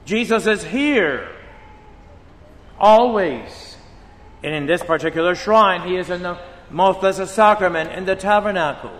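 A priest preaches in a slow, deliberate cadence, his voice sitting a bit high for a man. He leans into quoted lines with dramatic emphasis. The sound carries a long reverb off the church walls, with a faint hum of ambience behind it. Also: animated, a bit bright. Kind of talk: sermon. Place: church shrine.

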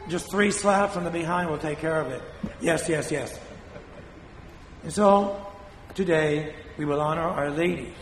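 An older man from Spain, a priest preaching a sermon in a blunt, scolding way with dramatic pauses, his voice still weak after a fall. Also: a little high, slight background noise. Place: church. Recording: echoey hall from a distance.

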